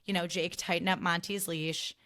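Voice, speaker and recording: A woman's voice: lowish voice, flat delivery, moderate pace, bright, forceful tone. Chatty woman hosting a solo podcast. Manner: chatty, filler-heavy, sarcastic asides. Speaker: podcast host. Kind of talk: casual solo podcast chat.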